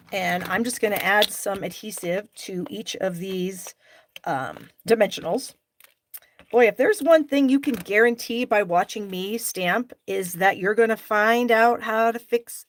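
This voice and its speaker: Woman, middle-aged, live crafting demo host, chatty, talks to viewers, self-deprecating about mistakes. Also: fairly high pitch. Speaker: stamping class host.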